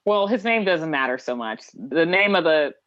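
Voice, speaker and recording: A woman's voice: low-pitched, animated, normal speed, lo-fi sound. A woman co-hosting a casual podcast chat, steering the conversation in a matter-of-fact way. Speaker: podcast co-host.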